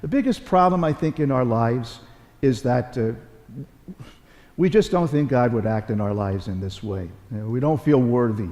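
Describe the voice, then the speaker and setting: This middle-aged Catholic bishop's homily at Mass is relaxed and folksy, with stories, repeated phrases, and humor aimed at himself. His medium-pitched voice is animated and a little mellow at normal speed, echoing with long reverb in a large church.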